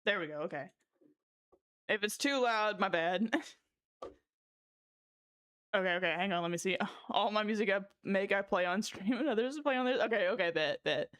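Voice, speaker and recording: A woman's voice: medium pitch, moderate pace, long pauses, a bit bright. A young woman streamer chatting casually with her viewers, laughing hard and cursing often. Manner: giddy, laughing fits, cursing. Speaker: livestreamer. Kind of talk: casual livestream chat.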